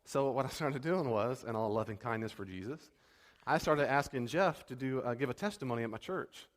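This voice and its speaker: A male pastor preaching a sermon in a conversational, animated way, acting out bits of dialogue. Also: medium pitch, brisk, in a large hall.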